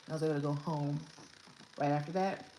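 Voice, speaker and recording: Low-voiced young woman telling a storytime. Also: fairly even intonation, fast talker, warm tone. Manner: chatty, rambling with many fillers and restarts. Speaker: new mother telling her birth story. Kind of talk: casual storytime vlog. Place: room at home with her baby. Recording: echoey room, faint background noise.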